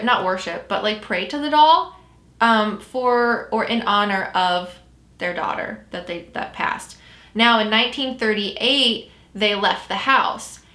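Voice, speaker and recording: A woman tells a story in a loose, conversational way and often stops to correct herself. Her voice is bright and forward. The sound carries noticeable room echo. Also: mid-range voice. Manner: chatty, self-correcting storyteller. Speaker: podcast host. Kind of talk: casual storytelling chat.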